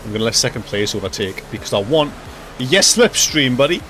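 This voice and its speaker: A young man streaming a racing game live, joking and talking to himself with excitable reactions. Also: mid-range voice, fairly quick. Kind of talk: live gaming commentary. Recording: loud game music behind voice. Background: racing game music and engine sounds.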